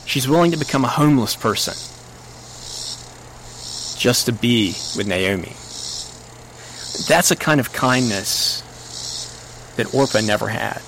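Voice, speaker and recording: A man preaching a sermon in an earnest way, his pitch rising when he quotes scripture. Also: lively intonation, unhurried, long pauses, fairly bright tone, a little hiss or hum, rough recording.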